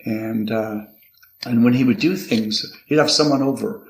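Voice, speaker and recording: An older man, a podcast guest, earnestly telling a personal story about his father, halting often with repeated restarts. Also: medium pitch. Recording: echoey room. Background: card shuffling.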